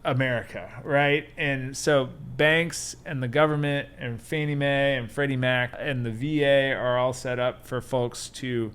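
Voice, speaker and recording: This is a man speaking as a guest on a podcast and explaining a subject patiently in everyday words. His pitch is ordinary and middle-range. His delivery stays loose and conversational. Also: measured pace, hardly any pauses, clean tone. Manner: relaxed, explains in a plain conversational way. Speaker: guest tax expert. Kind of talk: casual podcast chat.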